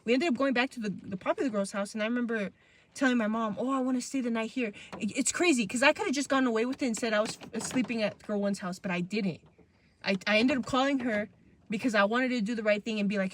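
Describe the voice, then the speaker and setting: A woman's voice: on the high side, fast talker. A woman in her twenties, co-hosting a podcast and telling candid, profane stories from her youth in casual chat. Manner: candid storytelling, loose and profane. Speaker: podcast co-host.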